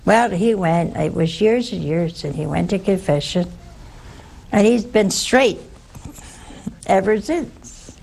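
A woman's voice: mid-range voice, expressive, slow, vocal fry, pauses often, a little mellow, slightly rough, rough recording. An older woman, a religious sister, giving a spiritual talk full of personal stories and rhetorical questions to her listeners.

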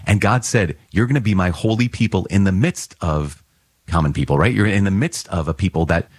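A man preaches a homily in a very low, husky voice, talking through the readings in an earnest, conversational way. The recording is dry and close, with no room sound. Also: a little fast, dry recording. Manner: conversational, earnest, with fillers and light laughs. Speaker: priest.

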